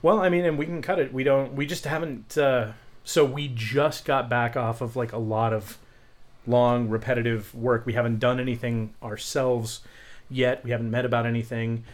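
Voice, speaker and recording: A young adult man hosting a podcast in a relaxed, rambling way, full of fillers and offhand swearing. His voice sits at an ordinary middle pitch. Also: normal speed. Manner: rambling, loose, swears casually. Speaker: podcast co-host. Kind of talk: casual chat.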